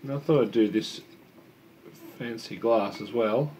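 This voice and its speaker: A man's voice: on the low side, measured pace, darkish tone, slight background noise. A young man casually chatting and rambling as he tastes and reviews a home-brewed beer. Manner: chatty, rambling, self-deprecating. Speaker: homebrew reviewer. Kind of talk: casual beer tasting vlog.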